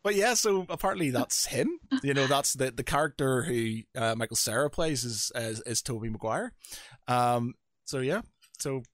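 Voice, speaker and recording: A man's voice: mid-range voice, expressive, normal speed, no room sound, studio quality. A man co-hosting a podcast, telling stories in a rambling way that keeps stopping and restarting. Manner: rambling, self-interrupting storyteller. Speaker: podcast co-host. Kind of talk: casual chat.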